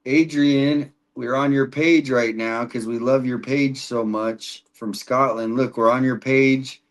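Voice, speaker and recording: A man's voice: mid-range voice, fairly even intonation, slow. A man hosting a casual livestream, rambling and reading viewer comments aloud. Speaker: livestream host.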